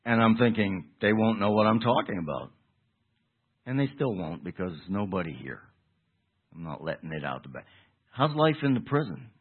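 A man preaches in an easy, conversational way, often restarting his phrases and swinging between loud, stressed points and quiet asides. His voice sits a little low and has a husky edge. The sound is thin and tinny, like a phone line. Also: expressive, moderate pace. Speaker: pastor. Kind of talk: sermon.

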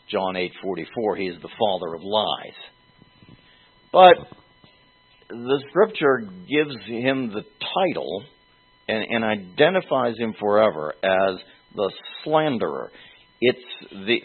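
A man preaching an expository sermon, teaching slowly and deliberately with pauses and fillers. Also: on the low side, husky. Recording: tinny phone-like sound.

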